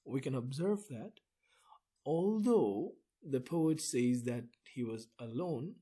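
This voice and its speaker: Slow, husky-voiced man teaching poetry. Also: mid-range voice, lively intonation, warm tone. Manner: slow, deliberate explaining with pauses between phrases. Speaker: literature teacher. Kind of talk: explanatory poetry lesson.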